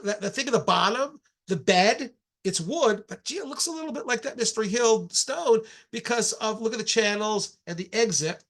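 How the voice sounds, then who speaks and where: A man's voice: high-pitched, fairly bright tone. A middle-aged man, an archaeologist, giving a public lecture with slides in a conversational way, with frequent restarts and asides.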